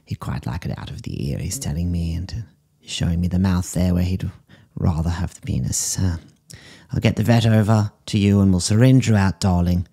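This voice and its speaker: A man puts on an eccentric middle-aged woman pet psychic, delivering a deadpan comedic voice-over. The voice sits very low and dark, gravelly and husky, with breathy murmured asides. She drawls her endearments at the animals. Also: moderate pace.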